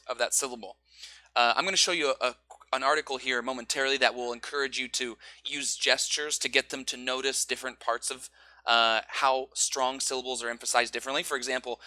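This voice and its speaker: Man, teaching tips, very bright voice, dry close mic. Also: mid-range voice, dry recording. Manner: energetic, demonstrates stress with slow exaggerated example sentences. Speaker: English teacher giving advice to teachers. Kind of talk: online teaching tips video.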